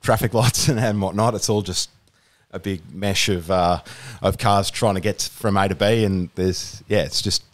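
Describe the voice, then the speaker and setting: Australian man, very low voice, rambling casual chat, young adult. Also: steady tone, moderate pace. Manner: rambling, many fillers and restarts. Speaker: podcast guest.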